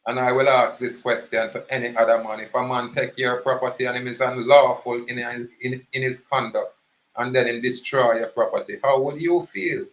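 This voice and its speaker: A man's voice: medium pitch, fairly even intonation, moderate pace, a bit bright, rough recording. A man with a Jamaican accent giving an impassioned, preachy monologue, emphatic and repetitive. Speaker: activist speaker.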